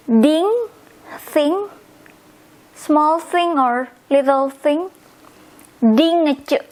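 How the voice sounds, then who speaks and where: Slow, high-voiced woman teaching vocabulary. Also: a little mellow, low-quality recording. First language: Indonesian. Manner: repeats words slowly, spells endings out. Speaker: language teacher. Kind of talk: slow instructional explanation.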